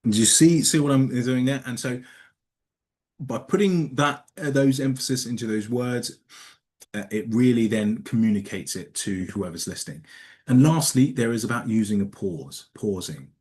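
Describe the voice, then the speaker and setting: A man's voice: medium pitch, moderate pace, darkish tone. A man from Nigeria giving a talk at a conference, speaking conversationally, often restarting words and putting questions to the audience. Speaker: conference speaker teaching communication. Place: conference room.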